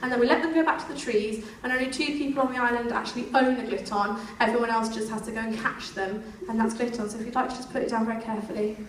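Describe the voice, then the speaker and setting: A woman's voice: a little high, steady tone, quick pace, few pauses, echoey room. A woman performing whimsical live comedy storytelling to an audience, playful and teasing. Recorded on a distant phone in a noisy room.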